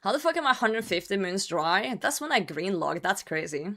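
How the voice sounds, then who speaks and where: A woman streamer chatting casually with her viewers and reading their messages aloud, her voice worn and hoarse from a cold. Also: mid-range voice, very animated, normal speed, bright, forceful tone. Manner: loose and chatty, swears, reads chat aloud and laughs. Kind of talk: casual livestream chat.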